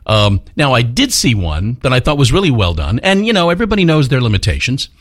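A man's voice: mid-range voice, wildly swooping pitch, fast. A man hosting a morning news talk radio show, chatting casually with many fillers and restarts.

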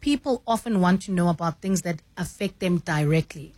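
Woman newsreader, low and dry. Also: darkish tone, dry recording. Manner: measured, explanatory, says "you know" often. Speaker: news anchor and mentor. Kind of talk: radio studio conversation.

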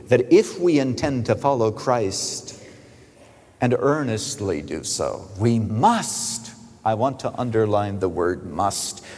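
A man delivering a sermon in a church, his voice rising loud on key phrases and sinking soft. His pitch moves a great deal, and a long reverb trails each phrase through the hall. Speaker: preacher.

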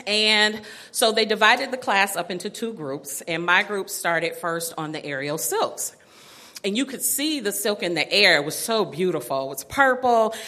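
A middle-aged woman telling a personal story to an audience, animated and self-mocking, laughing often. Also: medium pitch.

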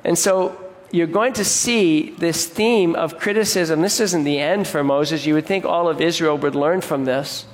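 A man delivering a sermon in a church sanctuary, his fairly high voice trailing off into a long hall reverb. He preaches earnestly and now and then mimics grumbling crowds in a whiny, raised tone. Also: a little slow. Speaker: pastor.

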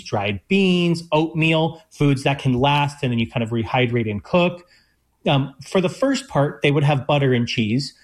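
A young man co-hosting a casual radio food show as a chef, explaining eagerly in quick bursts. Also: medium pitch. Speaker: chef and co-host.

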